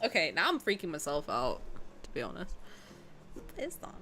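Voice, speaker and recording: A young woman streamer chatting casually with her viewers on a headset, cheeky and animated, swearing and laughing freely. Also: low voice, normal speed, slight background noise. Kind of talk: casual live-stream chat. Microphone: headset with headphones.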